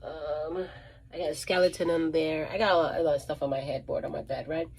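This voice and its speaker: A woman's voice: deep voice, steady tone, brisk, vocal fry, a little mellow, breathy edge. A woman working as a psychic medium, telling a casual storytime monologue in a rambling way, restarting and repeating phrases with many ums.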